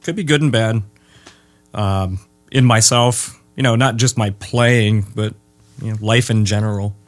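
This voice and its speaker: A Midwestern man who builds bass guitars appears as an interview guest, talking casually with dry humor and plenty of pauses.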